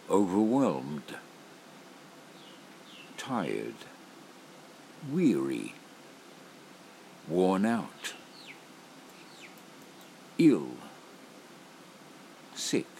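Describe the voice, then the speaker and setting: A man with a low, gravelly voice reads single words one by one at a very slow pace. His pitch rises and falls widely from word to word. A faint hiss of noise sits under the recording. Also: darkish tone. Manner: slow, deliberate word-by-word reading with long pauses. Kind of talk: slow list of emotion words read aloud.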